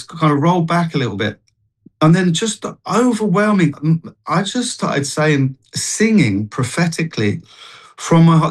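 A man's voice: on the high side, rough recording. A man, a guest on a TV chat show, telling a personal faith story in an earnest, rambling way with many restarts. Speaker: guest, street worship singer.

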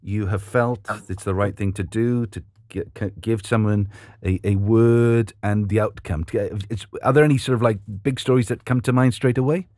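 Male daytime talk host, low voice, dry sound, stumbling, rephrased questions. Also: fairly even intonation, moderate pace, a little mellow, no room sound. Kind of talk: interview questions.

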